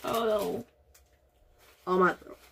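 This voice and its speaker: A woman's voice: medium pitch, steady tone, takes it slowly, gravelly, fairly bright tone. Woman, casual taste-test vlog, dramatic groaning reactions, faint background hiss. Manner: dramatic, groaning reactions, talks straight to viewers. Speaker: vlogger.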